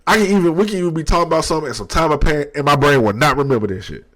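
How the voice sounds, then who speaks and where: A man in his thirties talking slowly and candidly into the mic at his desk, reflective and low-key, with slang and many restarts. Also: expressive, fairly bright tone. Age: 30s. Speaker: podcast host. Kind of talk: candid personal monologue.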